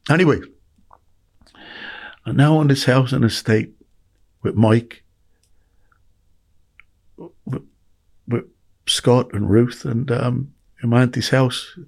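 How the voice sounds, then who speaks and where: Husky Irish man telling heartfelt stories. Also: mid-range voice. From Ireland. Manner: heartfelt, emphatic, repeats words for emphasis. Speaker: podcast guest. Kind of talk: emotional storytelling.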